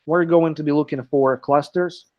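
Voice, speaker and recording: A man's voice: a little high, fairly even intonation, moderate pace. A man teaching an English class live online, explaining step by step and checking in often with "okay", heard through a computer mic on a video call. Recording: dull lo-fi online call audio.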